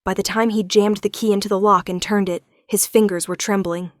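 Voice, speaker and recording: A woman's voice: mid-range voice, fairly even intonation, brisk, no room sound, clean studio sound. Woman narrating a tense thriller. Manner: tense first-person storytelling. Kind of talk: dramatic audiobook narration.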